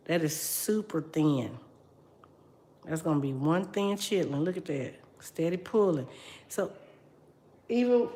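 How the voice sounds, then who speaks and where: A woman's voice: sits low, expressive, measured pace, pauses often, dark tone, echoey room. A middle-aged woman, chatting casually with her livestream viewers while she cooks. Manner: chatty, talks straight to viewers, reads out comments. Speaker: livestream host. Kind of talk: casual live chat while cooking. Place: home kitchen.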